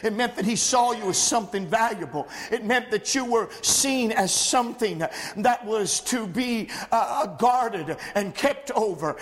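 A man preaching a sermon in a church, with a preaching cadence, frequent "uh" fillers and climbs into shouting. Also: high-pitched, a little slow, hardly any pauses, long reverb tail. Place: church sanctuary.

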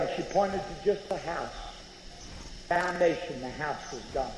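A man preaching a revival sermon, telling a story with dramatic swings between loud outbursts and hushed near-whispers. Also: high voice, animated, moderate pace, long pauses, highs cut off, slight background noise. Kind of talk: sermon testimony. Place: large revival tent. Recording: echoey tent with long reverb.

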